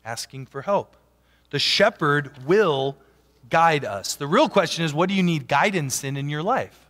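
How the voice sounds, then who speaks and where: A man preaching a sermon as a pastor, animated, swinging from loud emphatic peaks down to quiet asides. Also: on the high side, normal speed. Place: church sanctuary. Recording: long church hall reverb.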